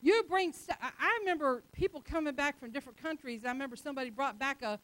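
A woman preacher with a notably high voice delivers a sermon. She talks to the congregation in a conversational way, presses her points hard and acts out short quotes. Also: fast talker, fairly bright tone, no echo.

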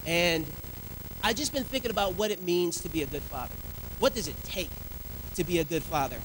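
Male preacher, thirties, high pitch, bright forceful tone, lively storytelling, church sermon. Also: fairly quick, a little hiss or hum, rough recording. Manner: lively storytelling with family anecdotes. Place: church sanctuary.

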